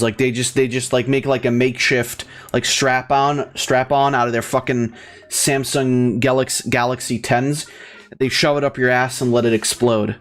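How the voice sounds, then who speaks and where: A man doing gameplay commentary in a crude, sarcastic, profane rant. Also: mid-range voice. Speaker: let's play host.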